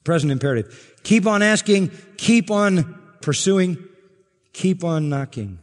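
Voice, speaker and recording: In a space with a big-room sound, a male pastor delivers an emphatic expository sermon. He moves from loud exclaims down to quiet asides and asks his congregation questions.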